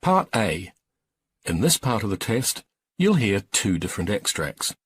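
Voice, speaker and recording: A man narrating exam instructions in a formal, measured read. His voice is low and slightly husky, and his pitch moves quite a lot. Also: very animated. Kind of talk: scripted narration of test instructions.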